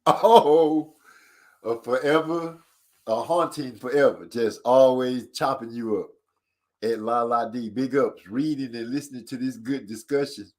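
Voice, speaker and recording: A man's voice: medium pitch, a little slow, a little mellow. A man hosting a casual stream who playfully reads viewer comments aloud. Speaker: host reading chat comments. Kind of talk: casual chat.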